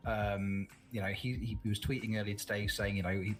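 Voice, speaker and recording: A man with a lower voice talking quickly as he gives blunt, opinionated views on a squad. He sounds sure of himself. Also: little pitch movement. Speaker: pundit. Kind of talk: casual analysis.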